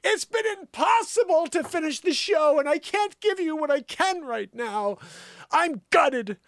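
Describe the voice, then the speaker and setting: A man's voice: very high-pitched, expressive, unhurried, a bit bright, no echo, clean studio sound, pitched above the performer's own voice, heavily acted. A man putting on a clumsy mock cockney impression of a tearful, apologetic British woman pop star. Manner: clumsy mock cockney accent, keeps breaking off.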